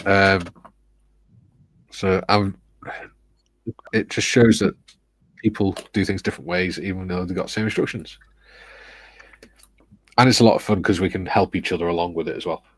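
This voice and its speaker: A man's voice: low-pitched, moderate pace, long pauses, breathy edge. A man hosting a casual model-building livestream, reading out viewer comments and joking along. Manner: reads out chat messages, joking.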